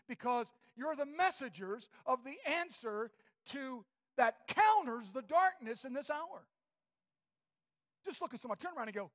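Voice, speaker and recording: A male preacher giving a fervent sermon in a church, swinging from shouts to near whispers. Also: very high-pitched.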